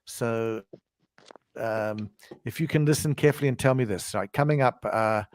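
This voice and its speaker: A man's voice: medium pitch, normal speed, clean tone. A man hosting a casual call-in chat, speaking in a hesitant, stop-start way. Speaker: host.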